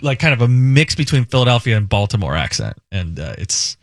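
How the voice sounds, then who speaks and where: A man's voice: medium pitch, very animated, fairly quick, no echo, clean studio sound. A male radio host in casual banter, joking and laughing often.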